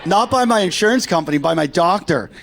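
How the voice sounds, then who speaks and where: On a club stage, a middle-aged man performs stand-up, telling deadpan stories and lowering his voice for quoted lines. His voice is high-pitched and gravelly, and he talks quickly.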